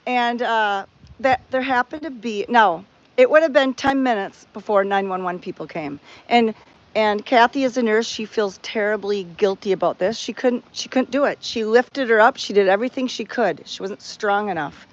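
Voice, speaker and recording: A woman's voice: mid-range voice, moderate pace, muffled recording. A woman chatting to her viewers outdoors at a cat sanctuary, telling a rambling story with frequent restarts.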